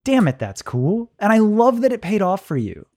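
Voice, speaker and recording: A man hosting a podcast, reacting excitably to a guest's story and swearing often. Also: high voice, normal speed, no echo, studio quality. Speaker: podcast host. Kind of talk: casual chat.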